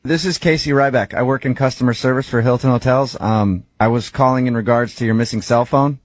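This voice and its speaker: A man making a prank phone call, posing as customer service and baiting the other caller in a deadpan way. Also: mid-range voice, brisk, no room sound.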